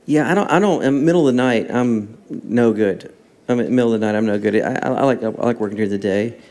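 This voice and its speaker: A man's voice: mid-range voice, very fast. A man, a songwriter and guest, telling stories in a casual interview and acting out the dialogue. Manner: animated storyteller acting out dialogue.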